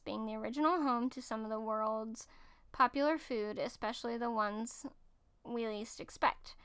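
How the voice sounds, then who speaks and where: A woman's voice: on the high side, a bit bright, smooth. A woman hosting, reading food facts off her screen and chatting about them, stumbling and correcting herself as she goes. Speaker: host reading and commenting. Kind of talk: casual commentary reading from screen.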